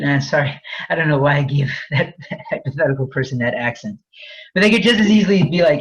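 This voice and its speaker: A man's voice: a little high, fast, a bit bright, breathy edge, dull audio. A man presenting a fair housing webinar, explaining in a candid, conversational way with frequent restarts. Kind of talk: webinar lecture.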